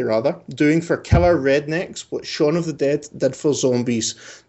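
A man's voice: a little high, darkish tone, lo-fi sound. A man hosting a podcast, chatting casually and rambling with many fillers. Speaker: podcast host.

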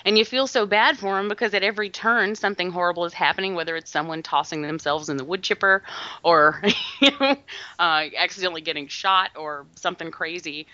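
A woman's voice: on the low side, no room sound, lo-fi sound. A woman guest on a podcast, chatting casually and laughing often as she tells stories. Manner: laughs often, animated storytelling.

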